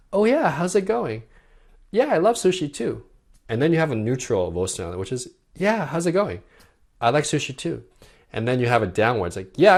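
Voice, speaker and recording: A young man coaching dating straight to camera, his voice sitting a little low. He talks in a casual, animated way and now and then acts out bright, high tones to show how people sound. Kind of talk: direct-to-camera coaching talk.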